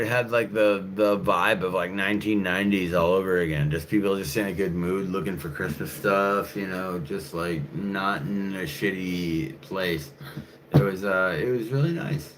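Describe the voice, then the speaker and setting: A man's voice: low voice, moderate pace, a bit bright. A man rambling in a casual, profane monologue to camera, full of fillers and restarts. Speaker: channel host. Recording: faint background noise.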